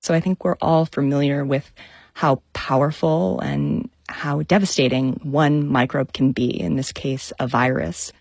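Enthusiastic low-voiced woman scientist. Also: steady tone, unhurried, creaky, a little mellow, dry recording. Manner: enthusiastic, vivid storytelling. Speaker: scientist telling her story. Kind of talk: storytelling talk.

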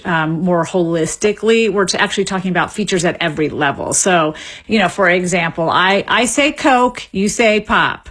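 A woman, a linguist being interviewed on radio, explaining in a measured way with small restarts. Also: mid-range voice, fairly bright tone, slightly rough. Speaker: linguist guest.

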